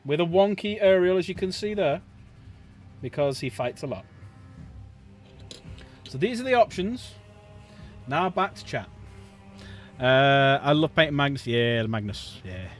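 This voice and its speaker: A man chats casually and jokes with his viewers as he hosts a livestream. His voice sits a little above the usual male pitch, and his talk is loose and chatty. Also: animated, measured pace, long pauses, soft background music. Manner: chatty, jokey, talks to chat. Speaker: livestream host. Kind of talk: casual chat while painting miniatures.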